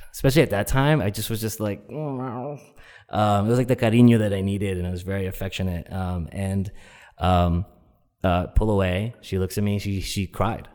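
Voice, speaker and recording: A young man with a fairly low voice tells a personal story in a loose, casual way. He rambles and fills every gap with "like" and "um". He keeps the tale moving without polish. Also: darkish tone, long reverb tail. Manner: rambling, heavy on "like" and "um" fillers. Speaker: storyteller guest.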